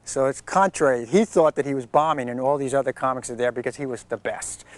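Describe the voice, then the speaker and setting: A man in an interview telling an animated anecdote about a film set. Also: medium pitch, quick pace, no echo. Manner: animated storyteller.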